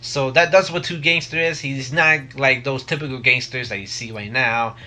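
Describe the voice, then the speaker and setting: A young man talking casually into a close mic for his vlog, rambling with many pauses and restarts. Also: medium pitch, steady tone, pushed and bright. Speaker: vlogger. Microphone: close desk mic.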